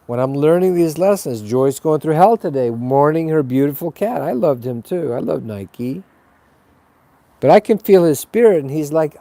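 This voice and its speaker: A man's voice: a little high, animated, moderate pace, creaky, mellow. A man hosting a spiritual webcast, talking in a rambling, blunt and profane monologue. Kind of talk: casual spoken monologue.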